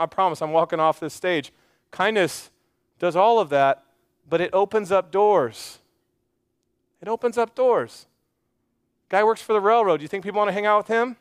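High, clear-voiced man preaching. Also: no echo, studio quality. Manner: earnest, conversational preaching with quick asides and repeated phrases. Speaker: pastor. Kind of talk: sermon. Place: church stage.

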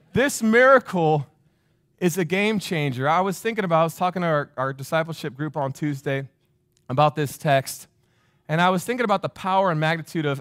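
A man's voice: high voice, a bit bright, no echo, clean studio sound. A man preaching a sermon to his church, talking casually and telling stories straight to the congregation. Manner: conversational, storytelling, addresses congregation directly. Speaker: pastor.

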